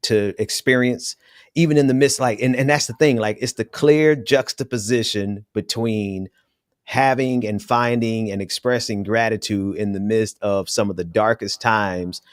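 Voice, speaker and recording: A man hosting a casual talk show, articulate and measured, speaking with conviction. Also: lowish voice, steady tone, dry recording, studio quality. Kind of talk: casual chat.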